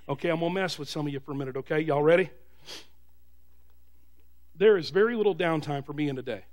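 Man, pastor, sermon, high-pitched, calls for amens, builds to shouts. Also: brisk. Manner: call-and-response preaching, rising to shouts. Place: church.

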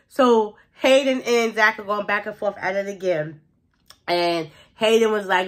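A woman's voice: mid-range voice, normal speed, a bit bright. A woman talks through a TV episode recap like she's catching up a friend, chatty and gossipy. Her voice sits in an ordinary middle range, and she keeps dropping in "like" and little laughs as she retells the drama. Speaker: show recap vlogger. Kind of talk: casual show recap.

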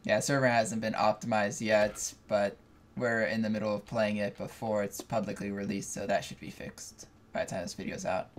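A man's voice: fairly low pitch, flat delivery, moderate pace, slight background noise. A man hosting a co-op gameplay video, chatting casually and laughing often. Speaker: let's play host.

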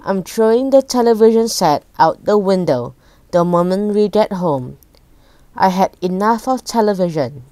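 A woman voicing a gruff, irritable father who speaks sharply and curtly. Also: mid-range voice, expressive, normal speed, mellow, no room sound, close to an everyday voice. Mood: angry.

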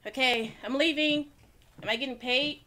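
A woman hosting a gaming channel and giving excitable let's-play commentary, gasping, swearing and jumping at scares. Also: high voice, moderate pace.

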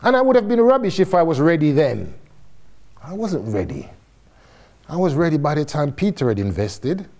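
A middle-aged man from Jamaica, telling his story as a guest speaker to a live audience, animated and laughing often, with casual swearing. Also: on the high side, moderate pace.

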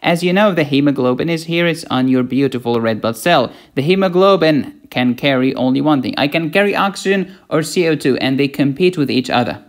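A man's voice: fairly high pitch, brisk, hardly any pauses. A man giving a playful medical lecture, asking questions and answering them himself. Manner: playful, asks and answers his own questions.

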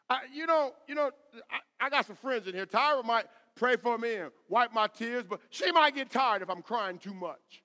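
A middle-aged man preaching a sermon as pastor, with call-and-response and rising shouts. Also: sits high, animated, normal speed. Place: church sanctuary. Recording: echoey church hall.

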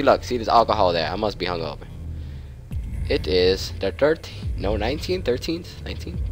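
A man giving nervous let's play commentary on a horror game, jumpy, swearing and sometimes dropping to whispers. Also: low voice. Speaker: gamer playing a horror game.

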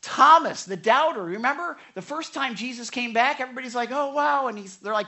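A male pastor preaching with a bright, forward voice. He stammers and repeats words as he tells stories, slipping into quick casual impressions of the people he describes. It sounds like a live church sermon. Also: extremely high pitch. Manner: stammering, animated storytelling with voiced paraphrases. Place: church sanctuary.

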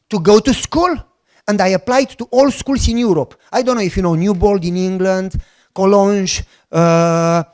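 Animated Romanian-accented male pastor. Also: high voice. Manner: animated, joking storyteller acting out dialogue. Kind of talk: sermon storytelling.

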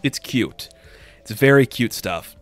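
A man's voice: medium pitch, expressive, slow pace, no echo, faint music behind. A young man giving a casual comic book review, rambling and enthusiastic with lots of filler words.

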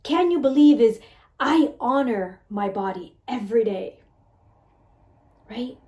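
A woman coaching her listeners on mindset, talking in an animated way and asking "right?" again and again. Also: on the high side, roomy sound. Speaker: mindset and weight-loss coach. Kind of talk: motivational talk to listeners.

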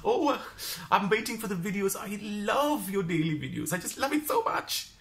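A woman's voice: mid-range voice, expressive, pitched above the performer's own voice, lightly acted. A man voicing a gushing young woman who sells jewelry, drawing out her words. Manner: gushing, drawn-out.

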